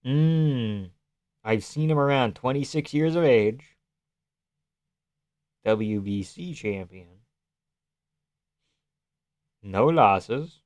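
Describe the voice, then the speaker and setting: A man's voice: medium pitch, animated, drawn-out words, pauses often, a little mellow, no room sound. Offhand swearing young man streaming live. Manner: swears freely, laughs often, loose and offhand. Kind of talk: casual live-stream chat, reading viewer comments.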